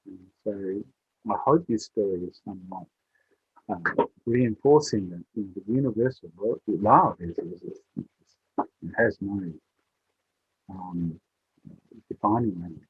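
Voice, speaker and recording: A man's voice: fairly low pitch, unhurried, long pauses, breathy edge, no room sound. A man from Western Australia telling a story to young people in an earnest, heartfelt way. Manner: earnest, heartfelt, repeats himself. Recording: tinny phone-like sound, dry.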